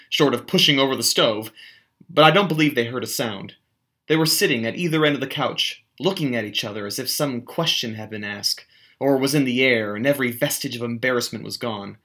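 Bright-voiced male teacher reading aloud. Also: mid-range voice. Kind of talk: audiobook reading of a novel.

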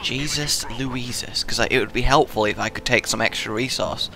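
A man giving live gameplay commentary with excitable, swearing trash talk. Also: mid-range voice, moderate pace, gravelly. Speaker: gaming video host.

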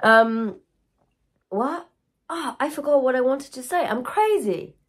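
A woman yoga teacher talks candidly to her viewers at a slow, unhurried pace. Her speech is frank and loose, with swearing, and she loses her thread now and then. She is emotional and openly tearful at times. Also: sits high, lively intonation. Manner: scattered, frank, swears freely. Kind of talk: candid personal video talk.

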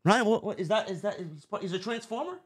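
A man with a Bronx New York accent riffs through a casual wrestling review. His voice sits high and swings widely in pitch, sarcastic and profane as he goes. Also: animated, a little fast, breathy edge. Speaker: podcast co-host.

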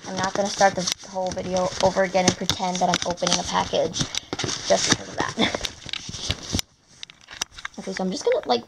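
A teenage girl vlogging an unboxing in an excitable, gushing, rambling way. Her voice has a gravelly, fry-heavy edge at a middling pitch. The home recording carries clear background noise and handling clicks. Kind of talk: casual unboxing chat.

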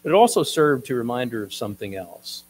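A man preaching a sermon as pastor, explaining a passage in a measured, teaching way with occasional restarts. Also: medium pitch, sing-song, husky, poor audio.

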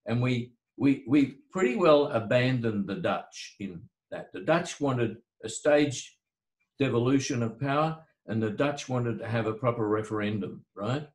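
An older man, speaking at a middling pitch. He talks haltingly and doubles back on his words as he lays out history, and his voice rings a little in a roomy space. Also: lively intonation. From Australia. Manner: halting, repeats words while thinking aloud. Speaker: author and lawyer. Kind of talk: discussing history at a book talk. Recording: roomy echo.

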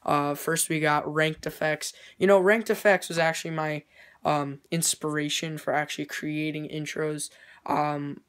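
A young man, a video creator, casually thanking his inspirations, rambling and hesitant with lots of fillers but excitable and enthusiastic. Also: a little high, unhurried, clear, resonant tone. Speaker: YouTube intro creator. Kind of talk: casual vlog thank-you talk.

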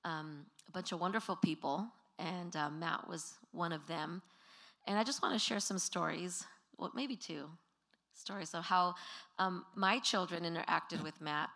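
Gravelly-voiced woman telling church stories. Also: lowish voice, pushed and bright. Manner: storytelling, acts out children's voices. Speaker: former pastor sharing memories. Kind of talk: memorial tribute.

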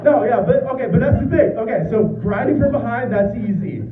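A young man doing a stand-up comedy set, animated, crude and laughing at his own jokes. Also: very high-pitched, brisk, recorded from a distance, background noise. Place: bar or small club. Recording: tinny, roomy club recording from afar.

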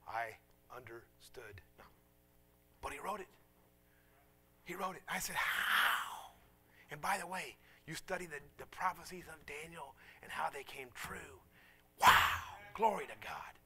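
A man's voice: fairly high pitch, moderate pace, long pauses, slight background noise. A middle-aged man preaching a sermon, telling stories with self-mocking humor and acting out the people in them. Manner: animated, self-mocking, acts out voices in stories. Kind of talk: sermon with storytelling.

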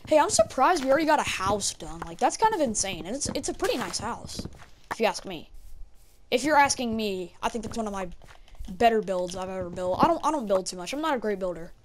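A woman's voice: mid-range voice, big pitch swings, a little fast, noisy background. A woman giving casual gameplay commentary. She chats to her in-game pets and exclaims often. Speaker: gaming video creator.

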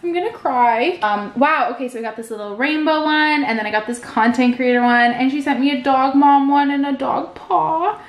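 A woman vlogging casually at home, gushing and excitable as she talks to the camera. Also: high voice, moderate pace, few pauses, reverberant. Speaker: lifestyle vlogger. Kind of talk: casual vlog narration to camera. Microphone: vlog camera mic.

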